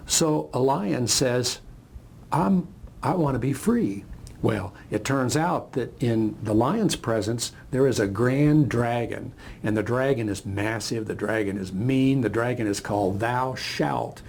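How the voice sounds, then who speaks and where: A man's voice: mid-range voice, unhurried, vocal fry, hardly any pauses, a little mellow, a little hiss or hum. An older man giving a reflective motivational talk, telling a parable as a story. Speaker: speaker.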